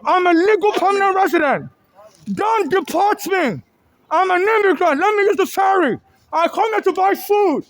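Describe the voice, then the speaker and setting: Very high voice, agitated and repetitive, phone recording in a ferry terminal. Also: animated, normal speed, no room sound. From Nigeria. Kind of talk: filming a confrontation, then a rambling monologue. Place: indoor public ferry terminal.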